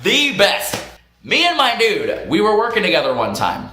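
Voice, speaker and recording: Brief: lively vlogger, bright, sharp voice with big swings in pitch, recorded in a small echoey room. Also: fairly quick. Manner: animated, profane, laughs often mid-story. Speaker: vlogger telling a story. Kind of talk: casual storytelling vlog. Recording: roomy echo.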